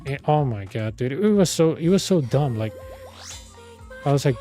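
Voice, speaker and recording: A man's voice: mid-range voice, a little fast, mellow, faint music behind. A man, a native Spanish speaker, retelling a story to his stream in a sarcastic, exasperated, rambling way. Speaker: streamer and coach.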